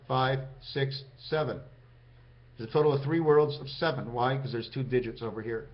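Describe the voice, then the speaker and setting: A man talking in a meandering vlog monologue, counting out numbers and speaking directly to his viewers. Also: medium pitch. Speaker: vlogger. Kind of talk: rambling numerology monologue to camera. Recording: dull lo-fi sound.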